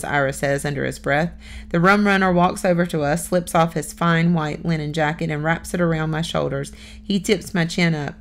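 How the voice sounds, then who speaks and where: A woman's voice: low voice, fairly even intonation, normal speed, slight background noise. A woman reading a children's novel aloud as first-person audiobook narration, plain storytelling with small lifts for dialogue.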